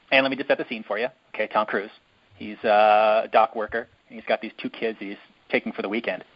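A man hosting a casual chat, telling a long story in a rambling, drawn-out way with many fillers. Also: medium pitch. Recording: dull lo-fi recording.

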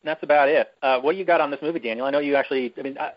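A man's voice: fairly high pitch, very fast. Rambling, irreverent man on a muffled recording. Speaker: podcast host. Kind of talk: casual chat, movie recap.

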